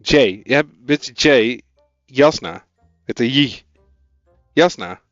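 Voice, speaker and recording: A man's voice: medium pitch, animated, slow pace, a bit bright, no echo, muffled recording, soft background music. A man with a Dutch accent, a native Dutch speaker, thinking aloud as he codes and chatting with viewers on a casual live stream.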